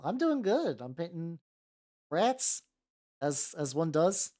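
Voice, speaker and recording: Streamer, casual livestream chatter, animated pitch, rambly and profane. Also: unhurried, pauses often. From United States. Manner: rambling, swears freely, talks to chat, trails off mid-thought. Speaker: streamer painting miniatures. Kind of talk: casual livestream chat while painting.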